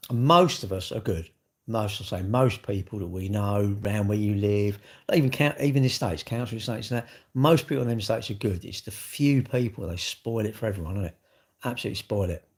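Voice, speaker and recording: A man with a lowish voice talks to camera in a loose, rambling vlog monologue. He keeps circling back with rhetorical questions and everyday fillers, in an unscripted style. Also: a little mellow. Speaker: vlogger.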